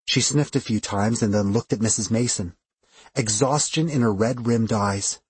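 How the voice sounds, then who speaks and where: Expressive male audiobook narrator, husky. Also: lowish voice, normal speed, dry recording. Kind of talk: first-person fiction narration.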